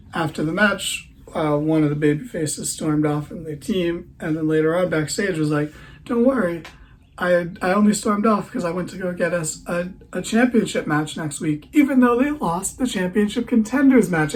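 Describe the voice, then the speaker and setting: A man's voice: fairly high pitch, darkish tone, low-quality recording. A tired man hosting a podcast, giving a rambling, sarcastic recap of a wrestling show. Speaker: podcast host.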